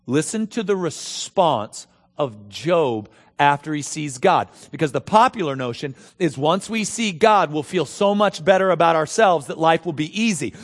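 A man's voice: fairly high pitch, animated, normal speed, few pauses. A man preaching a sermon as pastor, emphatic, asking rhetorical questions and reading scripture aloud. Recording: long hall reverb.

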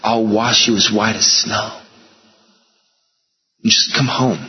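A man voicing God as a patient, pleading father, in a low, soft, coaxing tone. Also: steady tone, slow. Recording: echoey hall, slightly dull sound.

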